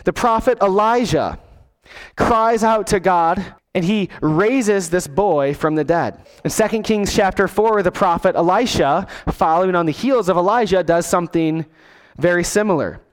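Guy preaching a sermon, fairly high voice, acts out the quotes, long hall echo. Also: moderate pace. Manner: expressive preaching, acting out quoted lines. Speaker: pastor.

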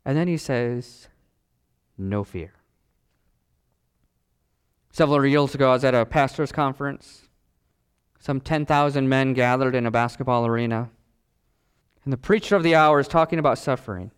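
A middle-aged male pastor preaching a sermon dramatically, with long pauses and big swings in pitch. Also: clear, resonant tone.

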